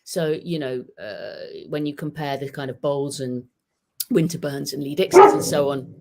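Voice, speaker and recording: A man chatting about football on a podcast, telling stories in an animated way, with many restarts. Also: medium pitch, moderate pace, vocal fry. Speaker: podcast guest. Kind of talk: casual football chat. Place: home with a dog.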